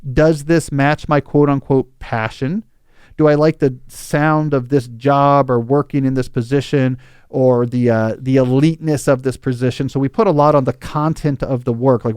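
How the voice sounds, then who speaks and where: Here a man hosts a podcast and talks through advice with calm reasoning and a conversational feel, playing out quoted scenarios. His voice is smooth, a little mellow and slightly high, captured in a dry, studio-quality recording.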